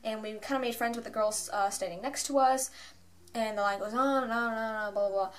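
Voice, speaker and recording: A young woman telling a rambling, excited story for her vlog at home, full of "like" and asides. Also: a little high, fast. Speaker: fan vlogger.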